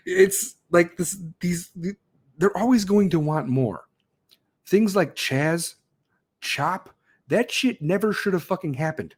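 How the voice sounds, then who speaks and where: Dude ranting on his podcast, kinda high voice, cussing every other word. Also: unhurried. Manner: angry, swearing constantly, mocking voices. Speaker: podcast host. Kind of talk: profane rant.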